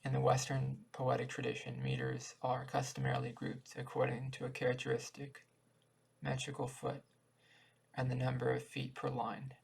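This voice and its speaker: A man reading a lesson text aloud, halting at times and restarting words. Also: mid-range voice, completely flat delivery, gravelly, breathy edge, poor audio. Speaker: channel host explaining poetry.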